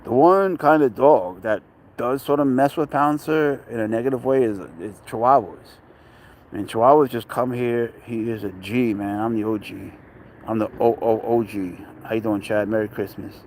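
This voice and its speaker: A man's voice: mid-range voice, normal speed, darkish tone. A man chatting casually outdoors at a dog park, joking, talking to his cat and greeting viewers by name. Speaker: pet owner vlogger. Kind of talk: casual rambling chat.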